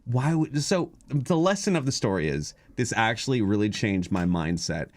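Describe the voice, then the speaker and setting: A man's voice: fairly low pitch, sing-song, moderate pace, no echo. A man hosting a podcast in casual chat, rambling and hesitant, full of fillers, on a podcast microphone. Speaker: podcast host.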